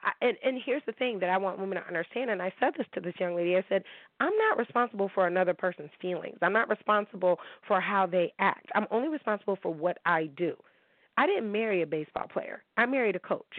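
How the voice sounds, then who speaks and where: A woman's voice: fairly low pitch, no room sound. Heated woman venting over a thin line. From upstate New York. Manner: candid, heated, rhetorical questions to listeners. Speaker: podcast host. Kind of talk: emotional personal monologue to listeners. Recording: thin phone-like dry recording.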